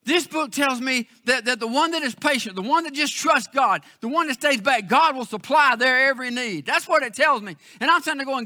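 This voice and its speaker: High, bright-voiced pastor preaching. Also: male voice, fairly quick, few pauses, no echo, clean studio sound. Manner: storytelling, emphatic with hushed emotional drops. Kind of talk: sermon.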